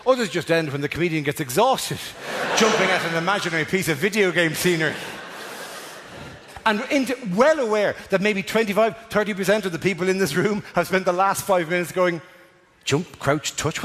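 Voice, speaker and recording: An Irish stand-up comedian on a theatre stage, spinning riffs and acting out scenes in a high, wildly lively voice. The live recording carries clear background noise. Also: male voice. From Ireland. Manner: rapid rambling delivery with acted-out bits.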